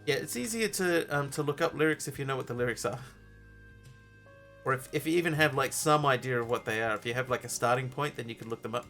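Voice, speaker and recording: A man's voice: mid-range voice, fast talker, fairly bright tone, soft background music. A man streaming a game live, chatting casually in a rambling way with lots of ums and restarts. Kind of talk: casual live-stream chat while playing.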